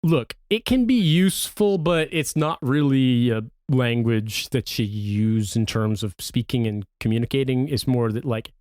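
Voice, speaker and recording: A man in his thirties chats as a podcast co-host, and he tells stories in a lively way, slipping into impressions and swearing casually. His pitch sits in the middle range. He is recorded close on a dry mic. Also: a little slow, few pauses, clear, resonant tone, no echo. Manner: animated storyteller, swears, mimics movie lines. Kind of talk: casual chat.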